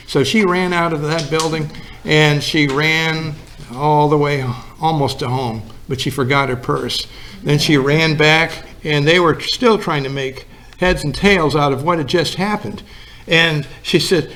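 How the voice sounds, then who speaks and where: A man's voice: a little high, a little slow, a bit bright, slight background noise. A male pastor giving a sermon in a folksy storytelling manner, acting out the lines of the people in his story.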